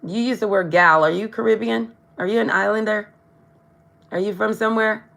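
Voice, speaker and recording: This woman's slightly bright, medium-pitched voice holds a fairly even intonation and shows some vocal fry at a normal pace. She's giving a live tarot reading, talking chattily to her audience and frequently stumbling over words.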